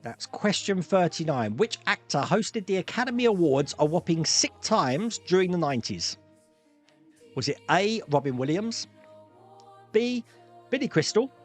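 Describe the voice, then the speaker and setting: A man hosting a live-streamed pub quiz, jokey and quick to laugh as he reads out multiple-choice options. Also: a little high, big pitch swings, faint music behind. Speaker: quiz host.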